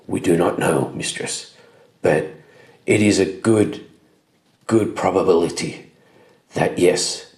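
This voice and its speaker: A man's voice: sits low, slow pace, vocal fry, long pauses, a little mellow, full character voice. A man doing a formal, deferential society officer. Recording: roomy echo.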